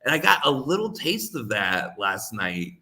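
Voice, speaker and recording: A man's voice: medium pitch, sing-song, normal speed, pushed and bright. A man telling a casual story, rambling with lots of "like" fillers and frequent laughs. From United States. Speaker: co-host.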